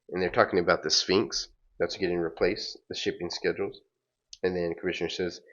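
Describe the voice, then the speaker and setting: A man's voice: low voice, little pitch movement, brisk, fairly bright tone, dull audio. A man casually narrating a comic read-along as the channel host, loose and plain with fillers.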